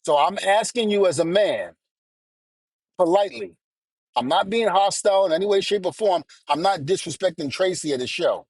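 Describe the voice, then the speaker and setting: A man's voice: high voice, expressive, normal speed, slightly rough, dry recording. A middle-aged man telling a story in a heated rant as a podcast co-host, blunt and cursing, acting out what others said. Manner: angry, blunt, curses, quotes people.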